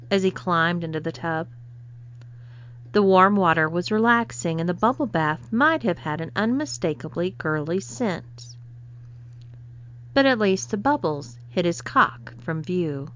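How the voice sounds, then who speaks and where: Brief: woman reading a story aloud; calm, even narration, muffled lo-fi sound. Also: on the low side. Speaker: story reader. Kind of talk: scripted narration. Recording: slightly dull lo-fi recording.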